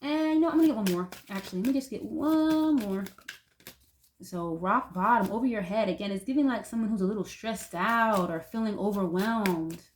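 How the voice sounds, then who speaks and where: A woman's voice: medium pitch, normal speed, a little hiss or hum. A woman reading tarot cards for her viewers in a loose, chatty way, leaning on "like" and swearing now and then. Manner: chatty and loose, heavy use of "like", occasional swearing. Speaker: tarot reader.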